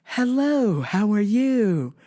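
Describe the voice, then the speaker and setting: A woman's voice: mid-range voice, sing-song, mellow, voice pushed up. Woman mimicking a robotically polite churchgoer. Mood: robotic politeness. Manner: slow, stiff, overly pleasant stock greetings. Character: eerily polite robotic churchgoing adult, flat and scripted.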